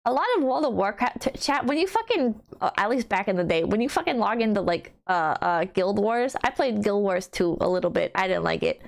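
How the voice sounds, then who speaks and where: A woman streamer reads chat and talks casually with her viewers, blunt, wry, and swearing frequently. Her medium-pitched voice is expressive and brisk, with vocal fry and few pauses.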